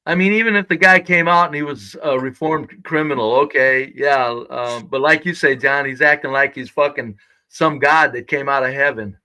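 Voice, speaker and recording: A man's voice: mid-range voice, moderate pace, pushed and bright, poor audio. A man co-hosting a casual call-in livestream, speaking bluntly and with emphasis. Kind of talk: casual live-stream chat.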